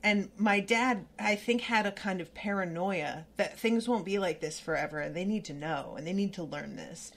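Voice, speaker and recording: A woman's voice: medium pitch, moderate pace, vocal fry, hardly any pauses. A woman hosting a casual book-club podcast who talks earnestly and stumbles and restarts when moved. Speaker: podcast host.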